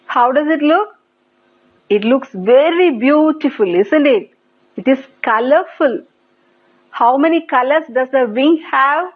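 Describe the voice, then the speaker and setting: A woman's voice: high-pitched, lively intonation. A woman with an Indian English accent teaching young children English on TV, prompting them to repeat words and praising them often. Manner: slow, sing-song prompting with repeated praise. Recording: tinny phone-like broadcast audio.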